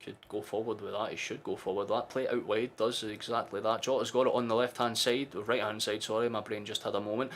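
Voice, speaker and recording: A young man commentating a football match live for his stream as a fan, sweary and excitable, erupting into shouts. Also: on the low side, fast, few pauses, slight background noise.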